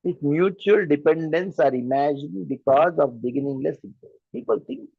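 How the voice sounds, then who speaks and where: Creaky and husky, a slightly high voice with lively intonation moves at a moderate pace as a man with an Indian English accent preaches as a spiritual teacher. He drives his point home with repeated rhetorical questions, in lo-fi audio without room sound.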